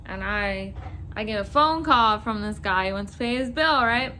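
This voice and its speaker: A young woman vlogger telling a work story in a casual, animated rant, swearing and acting out what callers said. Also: mid-range voice, normal speed, slight background noise.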